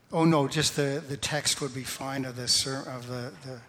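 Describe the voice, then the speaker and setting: Man preaching a sermon, slow and steady, not much up and down, echoey sanctuary. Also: medium pitch. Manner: slow, measured preaching with a self-deprecating laugh. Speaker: pastor. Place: church sanctuary. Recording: long hall reverb.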